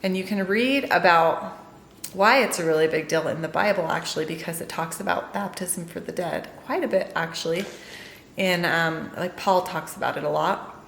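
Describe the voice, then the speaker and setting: Sex: woman. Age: middle-aged. Style: casual vlog storytelling, chatty and rambling. Pitch: slightly low. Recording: roomy, with faint background noise. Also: normal speed, gravelly, a bit bright. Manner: chatty, rambling, with many fillers. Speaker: family vlogger.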